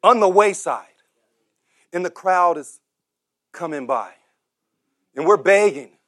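High, bright-voiced preacher acting out scripture. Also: male voice, animated, slow pace, pauses often. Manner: dramatic, acts out the voices of beggars and crowds; repeats words, builds up to shouted cries. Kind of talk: sermon.

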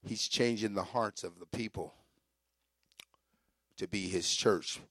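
A man's voice: on the low side, takes it slowly, creaky, dry recording, studio quality. A middle-aged man preaching a sermon, telling his own testimony with fervor and talking straight to the congregation. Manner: fervent, builds to shouting; conversational asides to congregation.

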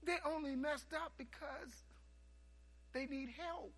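A man preaching a sermon, telling a story and swinging from hushed asides to loud, animated bursts. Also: extremely high pitch, takes it slowly.

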